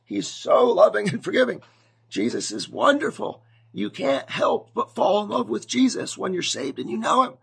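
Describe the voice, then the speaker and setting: Male preacher, casual sermon, gravelly and slightly husky, fairly high voice, animated delivery. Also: normal speed. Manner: conversational, animated, acts out shouted scenes.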